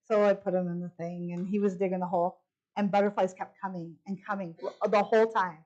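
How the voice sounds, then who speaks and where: A woman's voice: quick pace, muffled recording. A middle-aged woman giving a personal testimony at a church women's retreat, animatedly acting out the quoted lines. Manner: animated, acts out quoted lines with big pitch jumps.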